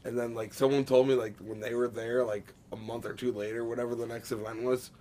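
A man co-hosting a casual podcast, telling relaxed, rambling stories and laughing at what he cannot remember. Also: mid-range voice, a little fast, a little hiss or hum. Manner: laid-back, laughs at his own memory gaps. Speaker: podcast co-host. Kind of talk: casual chat among friends.

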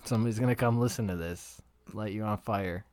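A man's voice: fairly low pitch, brisk, a little mellow. A man co-hosting a podcast, tossing in dry, teasing quips during casual banter. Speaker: podcast co-host.

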